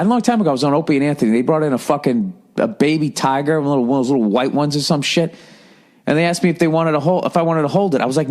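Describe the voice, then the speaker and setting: A man's voice: on the high side, brisk. A man in his forties from the United States, telling a profane, rambling story on a comedy podcast. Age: 40s. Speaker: podcast host.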